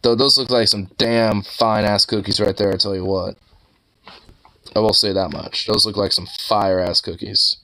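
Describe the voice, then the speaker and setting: A man's voice: on the low side, steady tone, moderate pace, pushed and bright, a little hiss or hum, poor audio. A young man streaming, chatting casually, cursing a lot and laughing as he scolds and teases his dog. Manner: rambling, swears a lot, laughs often. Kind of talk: casual chat.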